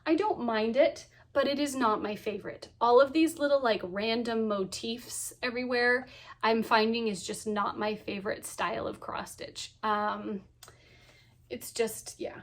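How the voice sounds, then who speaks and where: A woman's voice: fairly high pitch, fairly even intonation, a little slow. A woman in her thirties chatting casually to camera about her cross stitch, cheerful and full of ums and laughs. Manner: chatty, lots of ums and so yeahs.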